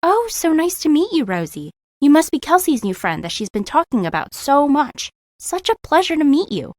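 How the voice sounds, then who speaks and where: Sweet, high, gushing cartoon mom, a woman narrator puts her on. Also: sing-song, moderate pace, no room sound, clean studio sound. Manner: effusive, welcoming. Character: sweet, gushing middle-aged mother.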